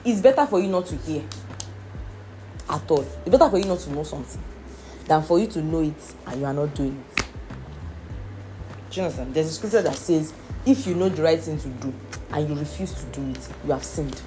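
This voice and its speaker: A woman's voice: sits low, expressive, brisk, pauses often, mellow, faint music behind. A middle-aged woman preaching a teaching sermon in an earnest voice, often checking that listeners understand. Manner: earnest, repeats "do you understand".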